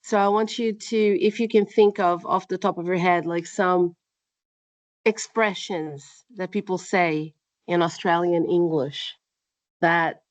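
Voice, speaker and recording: A woman's voice: fairly low pitch, steady tone, a little slow, no room sound. A woman from Brazil interviewing a guest, asking long, thoughtful questions on a video call. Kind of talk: casual interview chat. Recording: dull, dry video-call audio.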